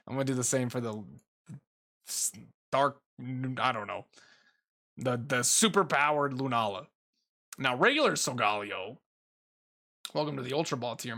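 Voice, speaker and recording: Bright-voiced young man rambling casually. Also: mid-range voice. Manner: rambling, swears casually, frequent ums and uhs. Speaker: YouTuber ranking Pokemon. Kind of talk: casual commentary while making a tier list.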